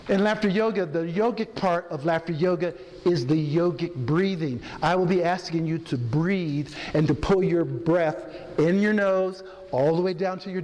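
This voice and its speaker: A chaplain leading a laughter yoga workshop, coaching the audience through breathing and demonstrating laughter in a hotel event room. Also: male voice, on the high side, darkish tone. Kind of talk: interactive workshop talk. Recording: long hall reverb, faint ambience.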